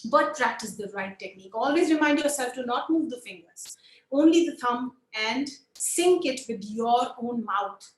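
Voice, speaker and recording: Woman, high voice, puppetry teacher, lively and coaxing, echoey room. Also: moderate pace. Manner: lively, demonstrative, coaxing the group to join in. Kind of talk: online workshop instruction.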